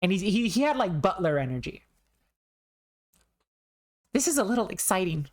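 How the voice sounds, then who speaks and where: A woman's voice: mid-range voice, sing-song, normal speed, darkish tone. A woman streamer chatting casually and rambling about the game she is playing. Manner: rambling, self-interrupting. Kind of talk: casual gameplay commentary.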